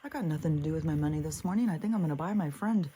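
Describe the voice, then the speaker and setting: A woman's voice: sits low, very fast, warm tone, a little hiss or hum, lightly acted. A woman mimicking a grown man posing as a twelve-year-old boy, offhand and breezy. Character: adult man posing as a boy, smug, careless.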